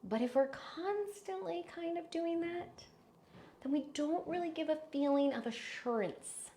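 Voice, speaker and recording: A woman's dark-toned voice, lively in intonation and measured in pace, leads a live online speaking-voice lesson amid slight background noise. As a voice and speaking coach, she demonstrates habits through exaggeration, shifting pitch and volume.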